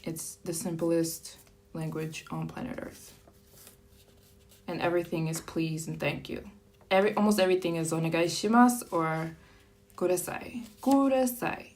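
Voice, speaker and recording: A woman hosting a casual live stream, chatting lightly and animatedly, jumping up in pitch for sample phrases. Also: normal speed, a little mellow. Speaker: livestream host.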